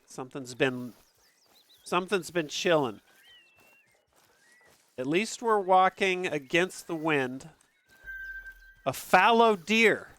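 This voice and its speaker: A man casually commentating a game stream from an upstairs room at home, excitable and profane, laughing often. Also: sits high, slow, pauses often.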